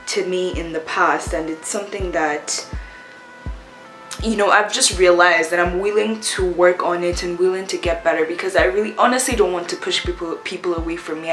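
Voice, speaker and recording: A young woman chatting candidly while doing her makeup, reflective and quick to laugh. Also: on the low side, a bit bright. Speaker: beauty vlogger. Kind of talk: get-ready-with-me chat while doing makeup. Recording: echoey room with faint music.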